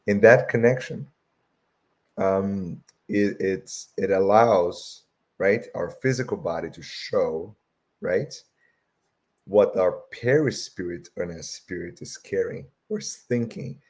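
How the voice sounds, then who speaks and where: Guy giving a lecture, kinda low voice, keeps saying right, voice going hoarse. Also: slow. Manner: tags "right?" onto nearly every phrase. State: losing his voice, clears throat often. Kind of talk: spiritist lecture with slides.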